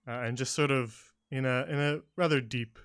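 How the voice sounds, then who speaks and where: A man narrating a tabletop game as game master in a relaxed, hesitant way. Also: medium pitch, normal speed, smooth, no echo, clean studio sound. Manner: relaxed, hesitant with many "uh" and "kinda".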